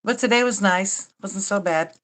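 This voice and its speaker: A woman's voice: mid-range voice, moderate pace, a bit bright. An older woman hosting a casual livestream chat, rambling and wry, mocking herself and swearing now and then. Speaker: livestream host.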